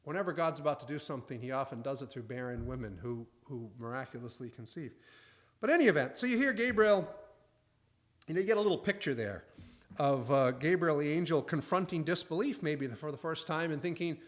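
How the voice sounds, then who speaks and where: A man's voice: on the high side, expressive, a little fast. A man preaching a conversational sermon in a folksy way, acting out the angel's and priest's lines.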